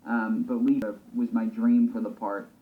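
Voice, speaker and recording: A filmmaker talking about casting, in a brisk, chatty way. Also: male voice, mid-range voice, fairly even intonation, a little hiss or hum. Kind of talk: casual interview talk. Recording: distant, phone-like sound.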